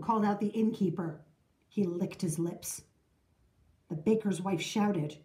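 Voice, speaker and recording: A woman reading a children's math storybook aloud in an expressive, sing-song way. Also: mid-range voice, a little slow, pauses often, roomy sound.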